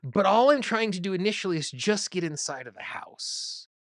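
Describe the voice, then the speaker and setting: A man's voice: sits high, animated, moderate pace, fairly bright tone, dry recording, clean studio sound. A man hosting a tapping show, teaching in a conversational way with everyday examples. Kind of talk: instructional talk to camera.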